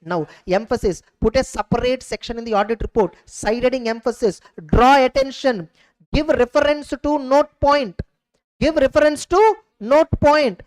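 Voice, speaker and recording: An exam coaching tutor with an Indian English accent gives a recorded revision lecture, repeating key points and posing rhetorical questions. His voice is very high and moderately paced. The audio quality is poor.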